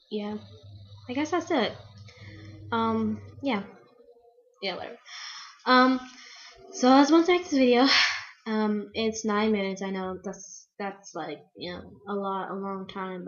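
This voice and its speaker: Rambling teen girl on dull webcam audio. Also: a little high. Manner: rambling, filler-heavy, frequent restarts. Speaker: vlogger. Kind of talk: casual fan vlog rant.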